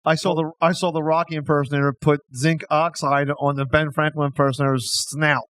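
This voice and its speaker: A man's voice: a little high, level tone, fairly quick, a bit bright, no room sound. A man hosting a comedy podcast, joking around in casual chat and often repeating words as he restarts. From Philadelphia. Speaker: podcast host.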